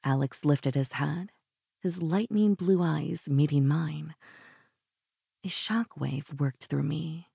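A woman narrating a first-person romance audiobook in an intimate, breathy way that sometimes drops to a whisper. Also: low-pitched, warm tone, no room sound, studio quality.

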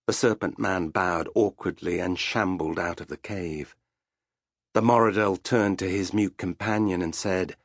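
Slow, low-voiced male audiobook narrator. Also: fairly even intonation, no echo, studio quality. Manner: slow, measured storytelling.

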